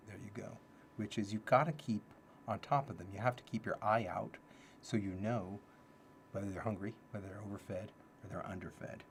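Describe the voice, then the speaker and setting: On a casual livestream, a man with a fairly low, creaky voice thinks aloud and keeps repeating his key phrases. He hosts the stream and teaches self-development ideas, with slight background noise in the recording.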